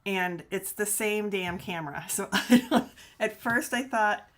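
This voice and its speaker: A woman's voice: medium pitch, unhurried, a bit bright. A woman from Michigan hosting a casual livestream from her laptop, rambling chattily, laughing often and swearing mildly. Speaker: livestream host. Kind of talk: casual chat to a live audience. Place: home room in front of a laptop camera. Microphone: laptop camera mic.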